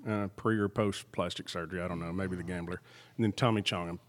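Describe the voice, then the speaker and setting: A man's voice: deep voice, steady tone, fast, big-room sound. A man with a Southern accent, co-hosting a podcast in laid-back, joking banter. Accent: Alabama Southern. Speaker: podcast co-host. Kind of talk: casual chat.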